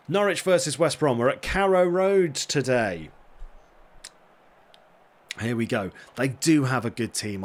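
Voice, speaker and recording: A man casually commentating his own football management game, getting excitable and swearing when things go wrong. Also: fairly low pitch. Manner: excitable, swears when frustrated, self-deprecating asides. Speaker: gaming streamer.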